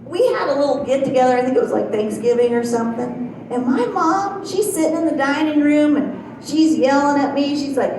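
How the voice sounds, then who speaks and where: A middle-aged woman does stand-up in a small club, spinning folksy stories and chuckling at her own punchlines. Her voice sits fairly high and rings through a very echoey room. She is picked up from a distance over a faint hiss. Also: animated, a little fast, a little mellow. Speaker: stand-up comedian. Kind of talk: stand-up comedy set. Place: small comedy club stage.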